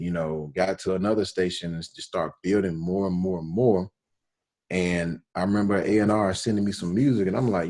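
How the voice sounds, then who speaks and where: A radio DJ from Alabama, telling his story in a relaxed interview with slang and quoted dialogue. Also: sits low. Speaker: radio DJ, podcast guest.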